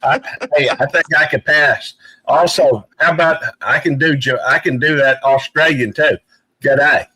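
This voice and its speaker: A man's voice: a little high, normal speed, bright, forceful tone, a little hiss or hum, low-quality recording. A man speaking earnestly and emphatically on a casual live panel, with some playful teasing.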